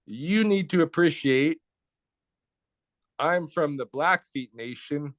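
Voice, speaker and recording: A man's voice: fairly high pitch, takes it slowly, voice pushed up. A man quoting a defiant woman elder. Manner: defiant, forceful. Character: defiant woman elder facing museum officials.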